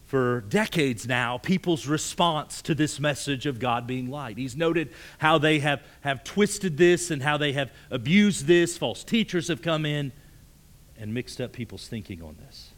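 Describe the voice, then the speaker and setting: Man preaching, swelling then dropping to hushes. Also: medium pitch. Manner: emphatic, rising to forceful peaks then dropping to hushed near-whispers; repeats words when stressing a point. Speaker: pastor. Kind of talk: sermon.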